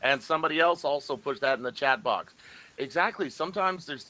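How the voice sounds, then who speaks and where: Animated, bright-voiced male English teacher. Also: fairly high pitch, brisk, low-quality recording. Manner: animated and joking, acting out confused listeners. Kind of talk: live online lecture. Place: online class.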